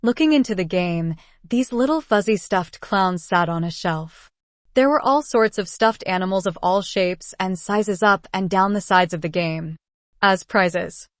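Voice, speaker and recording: A woman's voice: medium pitch, measured pace, dry recording. Woman narrating a story, dry close sound. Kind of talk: first-person story narration.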